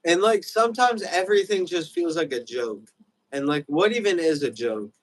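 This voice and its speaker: A man's voice: fairly high pitch, animated, normal speed, rough recording. A young man hosting a livestream, rambling loosely in casual chat with lots of fillers. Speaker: livestream host.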